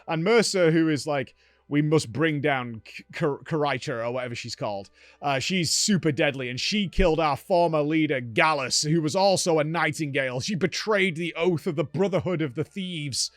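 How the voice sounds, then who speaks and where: Animated man recapping a game. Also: on the high side, moderate pace, no echo. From United Kingdom. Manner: animated storytelling, acts out exchanges with "I'm like". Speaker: streamer and show host. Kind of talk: casual gaming recap chat.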